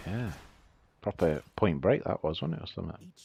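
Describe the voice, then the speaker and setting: A man chats his way through a gaming livestream, joking and laughing between moves. His voice sits a little low and rolls along at an unhurried pace. The pitch bounces around expressively as he talks. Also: creaky, slight background noise. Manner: jokey, laughs often, chatty asides while playing. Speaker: streamer playing the game. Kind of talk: casual gaming livestream chat.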